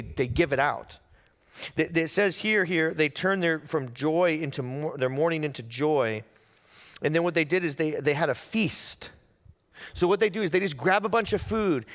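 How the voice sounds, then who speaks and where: A man's voice: on the high side, in a large hall. A young adult man, a pastor, giving a sermon and telling a personal story animatedly, acting out quotes.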